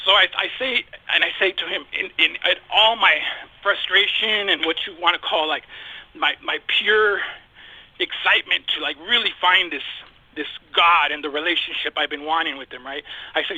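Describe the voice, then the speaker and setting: Male podcast guest, husky and intense, dry close sound. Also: a little high, normal speed, bright, forceful tone, no echo, poor audio. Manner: passionate, emphatic, repeats phrases. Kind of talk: casual podcast discussion.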